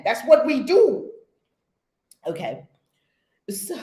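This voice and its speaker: A woman from the United States leading a spiritual community session, telling stories in an expressive, blunt, sometimes profane way. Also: fairly high pitch, roomy sound, rough recording. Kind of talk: animated storytelling talk.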